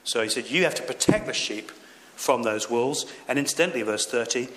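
A man's voice: medium pitch, lively intonation, a little fast, a bit bright. A man preaching a sermon as a pastor, earnest and emphatic, with rising exhortations. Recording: echoey room with faint background noise.

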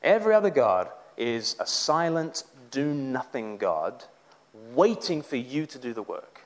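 A man preaching a sermon, animated, with mocking asides. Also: mid-range voice, measured pace.

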